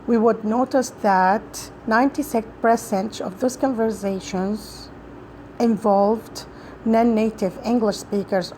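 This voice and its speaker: Woman reciting a talk with halting restarts. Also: mid-range voice, a little mellow, a little hiss or hum, poor audio. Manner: halting, with frequent restarts and grammar slips. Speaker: student practicing a speech.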